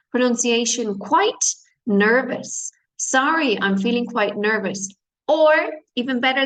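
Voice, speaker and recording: A woman English teacher giving an online lesson, explaining slowly, repeating phrases and glossing words. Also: a little high, fairly bright tone, low-quality recording. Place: based in Spain.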